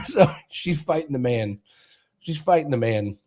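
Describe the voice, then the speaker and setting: A man's voice: medium pitch, lively intonation, moderate pace, a little mellow. A man co-hosting a sports betting show, telling a rambling story in casual chat and then breaking down games. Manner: rambling storyteller, laughs through anecdotes.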